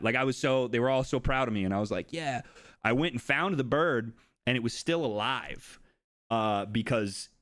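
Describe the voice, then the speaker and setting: Animated man telling a story, dry close sound. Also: dry recording. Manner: animated, swears freely, mimics others in a higher voice. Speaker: streamer. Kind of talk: casual storytelling to live chat.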